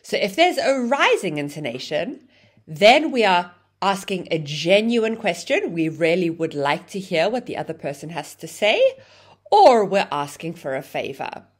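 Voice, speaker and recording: A woman teaching an online English grammar lesson, explaining with a lively, sing-song intonation. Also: lowish voice, a little slow, husky.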